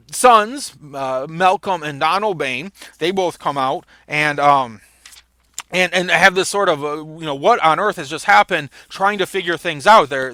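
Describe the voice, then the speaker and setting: Guy lecturing on a play, brightish higher voice, dry close sound, reads the lines out w/ punch. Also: no room sound. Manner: reads quoted lines with rising emphasis, frequent restarts. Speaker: literature lecturer. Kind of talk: lecture reading and explaining a play.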